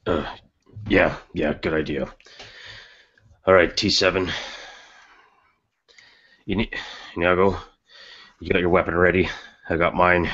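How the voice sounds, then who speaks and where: A man's voice: low voice, steady tone, a little slow, pauses often, a bit bright, muffled recording. A man playing in a tabletop game, talking casually in character to his crew. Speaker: player.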